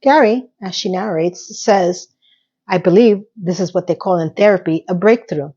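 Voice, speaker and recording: A woman's voice: lowish voice, moderate pace, dark tone, breathy edge, highs cut off. A woman casually recapping a TV episode, chatty and sassy, acting out the characters' quotes. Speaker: recap host.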